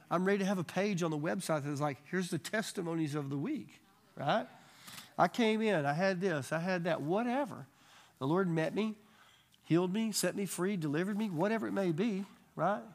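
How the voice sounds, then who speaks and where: Bible study teacher: animated man, slightly high, gravelly voice, casual storytelling. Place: room with a live group.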